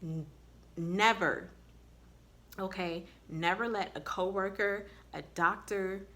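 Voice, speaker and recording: A woman's voice: medium pitch, steady tone, slow, fairly bright tone. A woman nurse giving casual advice to her viewers, telling candid stories with blunt swearing. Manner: blunt, candid storytelling with profanity; speaks straight to viewers.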